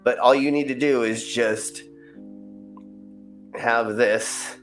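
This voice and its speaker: A man's voice: mid-range voice, steady tone, slow, faint music behind. A man hosting a casual stream chat, talking in a loose, rambling way and swearing now and then. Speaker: host.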